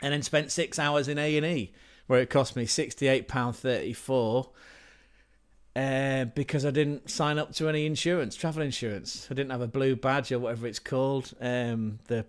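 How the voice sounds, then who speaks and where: A medium-pitched, clear, resonant voice with fairly even intonation comes from an English man at a moderate pace. On his livestream he spins a rambling anecdote, casual and sweary, with frequent self-corrections.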